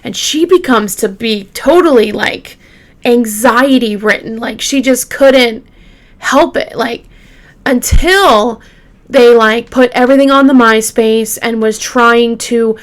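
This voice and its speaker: A young woman with a somewhat high voice tells a true crime case at an unhurried, drawn-out pace. She chats with her listeners directly and lets her feelings show as she goes. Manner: chatty, emotional, addresses listeners directly. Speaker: true crime podcast host. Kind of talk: casual true crime storytelling.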